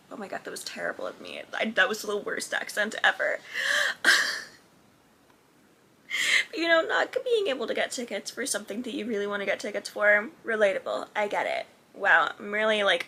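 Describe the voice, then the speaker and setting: Chatty bright-voiced woman reacting to a sitcom. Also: medium pitch, very animated, brisk, creaky, breathy edge. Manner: chatty and effusive, many "like" fillers. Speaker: reaction video host. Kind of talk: casual commentary while watching a sitcom.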